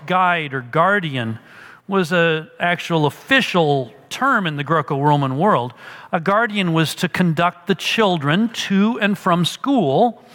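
A middle-aged man delivers an earnest sermon in a high, bright voice. He takes his time, with unhurried phrasing, and leans hard on the key words of the verses he quotes. His voice rings out with a long reverb, as in a big hall. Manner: earnest expository preaching, with emphatic quoted lines. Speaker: preacher.

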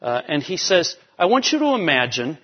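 A man's voice: on the high side, very animated, normal speed, slightly rough. A man preaching a sermon as pastor, explaining scripture and building to emphatic points. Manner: expository preaching, rising to emphatic peaks. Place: church sanctuary. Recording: dull sound with long hall reverb.

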